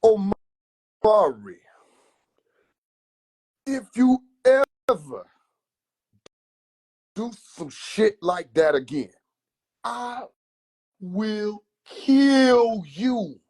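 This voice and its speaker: A man voicing his huge, intimidating uncle, who delivers quiet threats in a slow, drawn-out way. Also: sits high, sing-song, pitched above the performer's own voice, heavily acted. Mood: menacing. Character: huge, menacing, unflappable grown man.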